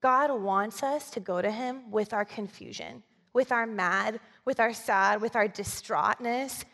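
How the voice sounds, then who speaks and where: A woman's voice: on the high side, measured pace, creaky, fairly bright tone, long reverb tail. A woman preacher giving a sermon in a church, conversational and often asking the audience to agree with her. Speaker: communications director, preacher.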